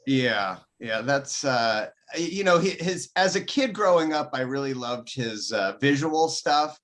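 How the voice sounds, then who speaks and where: A comedian man chats as a guest on a video call. He talks slowly, at a mid pitch, and keeps pausing with ums and uhs. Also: animated, fairly bright tone. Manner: halting, many ums and uhs, laughs easily. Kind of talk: casual interview chat.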